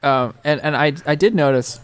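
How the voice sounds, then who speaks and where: A man's voice: a little high, normal speed, clear, resonant tone. A man co-hosting a movie podcast, talking casually with wry humor and lots of restarts. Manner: hesitant, repeats words, wry. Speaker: podcast co-host. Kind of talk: casual movie-review chat.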